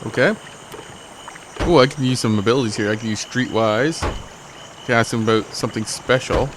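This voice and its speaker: A man's voice: mid-range voice, normal speed, noisy background. A man giving rambling, joking, self-mocking commentary while he plays a game. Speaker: let's play host. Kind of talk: gameplay commentary.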